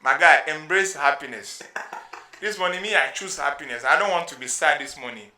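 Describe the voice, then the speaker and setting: A Ghanaian man co-hosting a podcast in casual chat, animated and joking, repeating words for emphasis. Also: fairly high pitch, fairly quick. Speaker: podcast co-host. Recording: echoey room with faint noise.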